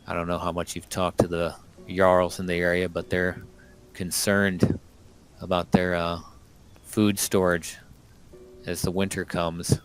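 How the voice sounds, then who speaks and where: A man voicing a gruff young male ranger of the woods, blunt and grumbling in his manner. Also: low-pitched, a bit bright, full character voice.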